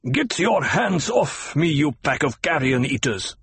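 A man voicing a gruff, disdainful imperial officer with a growl in an audiobook. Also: a little high, lively intonation, measured pace, exaggerated voice.

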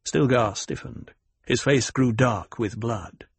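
A man reading audiobook narration in an even, measured way with a husky voice. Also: mid-range voice, no echo. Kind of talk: scripted narration.

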